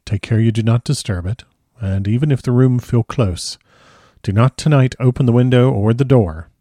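A man voicing an old foreign professor who speaks grave, broken formal English in a measured way. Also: mid-range voice, mellow, no echo, clean studio sound, natural voice. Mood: earnest. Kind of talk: audiobook character reading.

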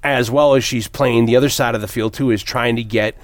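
Man, casual movie chat, rambling, swears, restarts, mid pitch, dry sound. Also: steady tone, fairly quick, dry recording. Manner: rambling, profane, many restarts. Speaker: podcast co-host.

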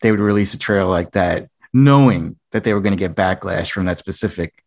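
A man's voice: deep voice, a little fast, a little mellow. A man co-hosting a casual panel chat, speaking hesitantly and carefully with fillers. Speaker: podcast co-host.

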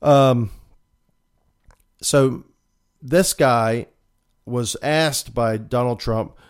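A man's voice: medium pitch, drawn-out words, smooth. A man hosting a commentary podcast, reading news stories aloud and breaking off into sarcastic, mock-emotional asides. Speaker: podcast host. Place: Florida.

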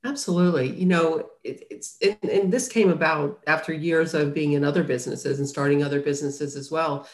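A woman's voice: sits low, fairly quick, few pauses. Woman publisher telling stories, earnest, kinda echoey room. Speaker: guest, publisher. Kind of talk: casual interview talk. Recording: roomy echo.

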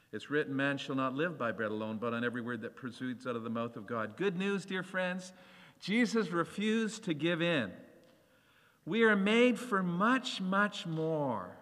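A man preaching a sermon, animated and acting out the voices of scripture as he reads. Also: medium pitch, big-room sound.

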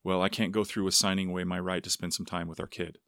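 A man's voice: sits low, flat delivery, fast talker, fairly bright tone, dry recording, studio quality. A man voicing an anxious, earnest young ranch hand who answers his elders politely. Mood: earnest, uneasy. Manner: polite, says "sir" to elders.

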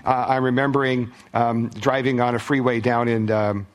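A male pastor delivering a sermon in a church. He talks in a conversational way, often restarting his sentences and acting out quotes in other voices. His pitch sits in the middle. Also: steady tone, moderate pace.

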